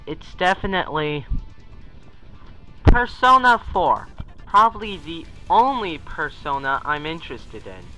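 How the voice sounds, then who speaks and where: A man's voice: on the high side, bright, forceful tone, poor audio. A young man giving a casual countdown commentary in a chatty, rambling way, often correcting himself. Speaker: video commentator.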